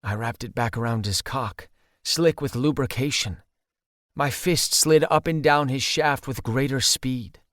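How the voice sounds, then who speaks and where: Male audiobook narrator, mid-range voice, steady intimate read, dry booth sound. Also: mid-range voice, measured pace, dry recording. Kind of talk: first-person audiobook narration.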